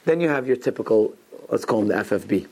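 A man's voice: lowish voice, expressive, quick pace, a little mellow. A man teaching an informal Torah class to students, telling rambling stories sprinkled with Hebrew and Yiddish terms, often restarting his sentences. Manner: frequent restarts and asides.

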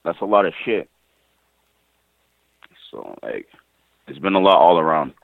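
A man's voice: low-pitched, expressive, measured pace, gravelly, no room sound. A young man from Montreal telling his own story in a casual, emphatic way, full of slang, repeated phrases and swearing. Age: young adult. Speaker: interviewee, nephew of the deceased. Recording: tinny phone-line sound, dry.

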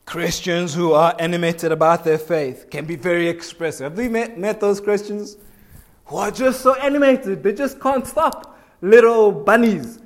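Preaching at a moderate pace in a high-pitched voice, this man keeps his sermon conversational, putting questions to the congregation and performing bits of everyday dialogue in little voices.

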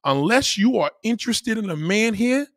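A man hosting a livestream, ranting loudly and profanely as he reacts to viewer comments. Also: sits high, expressive, normal speed, dry recording, studio quality. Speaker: livestream host. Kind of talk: heated livestream rant.

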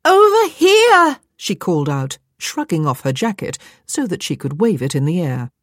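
A woman narrating an audiobook with an expressive, wry storytelling manner. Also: sits low, moderate pace, breathy edge, dry recording, studio quality.

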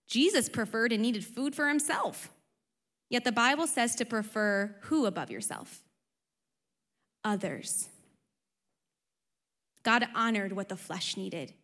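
A young adult woman pastor preaching a sermon, conversational and animated, with frequent rhetorical questions. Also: medium pitch. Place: church auditorium. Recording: long reverb of a large hall.

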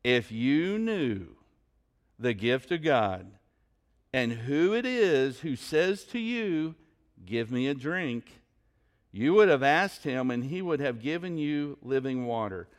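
A man voicing a calm, patient teacher, speaking gently and unhurriedly. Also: medium pitch, slow. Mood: gentle.

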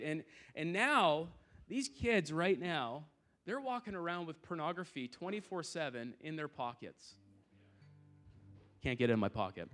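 A man's voice: high-pitched, fairly bright tone. A youth pastor in his thirties giving a sermon in a tent, talking in an earnest, conversational way with frequent restarts and asides. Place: large tent used as an auditorium.

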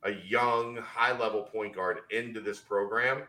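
A man's voice: on the low side, steady tone, unhurried, sharp tone. A man co-hosting a casual sports podcast, explaining his points with confidence. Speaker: podcast co-host.

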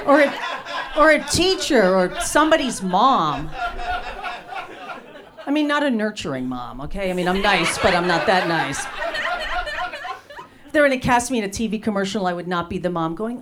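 Brash middle-aged female stand-up comic, self-mocking, mid pitch, from New Jersey. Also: very animated, moderate pace, pauses often, a crowd in the background. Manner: brash, self-deprecating storytelling. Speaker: stand-up comedian. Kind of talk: stand-up comedy set. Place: comedy club stage.

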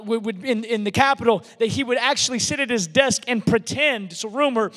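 In a large church hall, a pastor with a very high, fairly bright voice preaches emphatically. He repeats words as he builds toward a point, and long hall reverb colors the recording.

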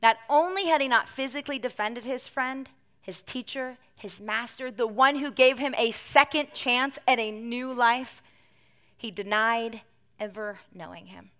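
Bright-voiced woman preaching a lively sermon. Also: fairly high pitch, unhurried. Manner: animated storytelling, swinging from emphatic to hushed. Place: church service with a congregation.

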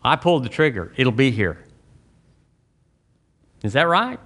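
Man, pastor, sermon, folksy storytelling, mid-pitched voice, jumps high for quoted voices. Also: very animated, a little slow, fairly bright tone. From Southern US.

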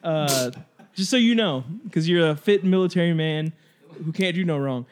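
A man's voice: a little high, normal speed. A young man hosting a podcast, telling self-mocking stories in casual chat and laughing often. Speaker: podcast host.

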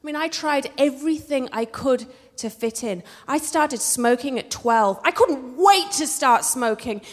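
High-voiced English woman telling a story. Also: expressive, measured pace, few pauses. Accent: working-class English. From England. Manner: wry, self-mocking. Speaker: storyteller, actress. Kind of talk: live comic storytelling. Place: theater stage. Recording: live stage with hall reverb.

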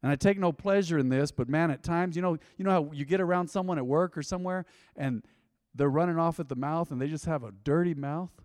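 A man's voice: fairly high pitch, brisk, darkish tone, dry recording, studio quality, big-room sound. A man preaching a sermon to a congregation in a folksy, conversational way, often slipping into quoted asides. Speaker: pastor. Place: church sanctuary.

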